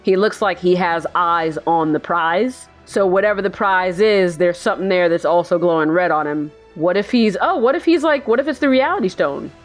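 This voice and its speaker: A woman's voice: fairly low pitch, moderate pace, hardly any pauses, soft background music. A tired woman hosting a sleepy bedtime reaction, rambling and giggling through meandering musings. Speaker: channel host.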